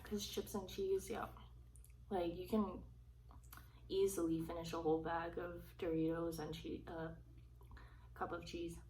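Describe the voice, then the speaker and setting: Woman mukbang vlogger, low-pitched, soft and rambling, slightly off-mic. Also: little pitch movement. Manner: soft-spoken and rambling, pauses between bites. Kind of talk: casual chat while eating. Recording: slightly distant mic with faint hiss.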